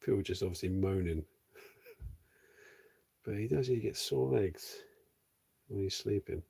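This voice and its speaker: A man chats softly to his viewers during a casual livestream. His voice sits low, with gravelly fry and a husky edge. He keeps his tone easygoing and close to a whisper as he works on a model. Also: unhurried. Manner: soft-spoken, chatting with viewers while painting. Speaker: streamer and miniature sculptor.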